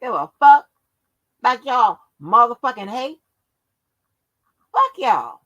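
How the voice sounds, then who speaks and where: A woman's voice: a little high, big pitch swings, takes it slowly, fairly bright tone, highs cut off. A woman hosting her own channel, delivering a profane, confrontational rant that scolds her viewers. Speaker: channel host.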